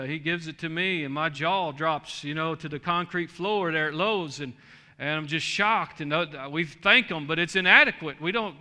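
A man's voice: on the high side, pushed and bright. A middle-aged man, a pastor, telling a story in a sermon and building to a fervent preaching cadence, in a church sanctuary.

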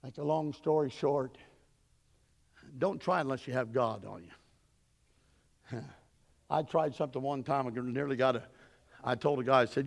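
Gravelly preacher telling stories in a sermon. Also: male voice, lively intonation, normal speed, in a large hall. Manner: preaching storyteller, swelling loud and high then dropping low. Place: church sanctuary.

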